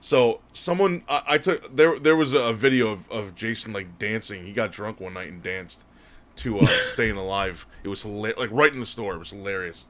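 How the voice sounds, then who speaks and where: A man's voice: on the low side, moderate pace, fairly bright tone. A man co-hosting a podcast, telling a casual story in a rambling way. He often corrects himself and laughs as he goes. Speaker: podcast co-host.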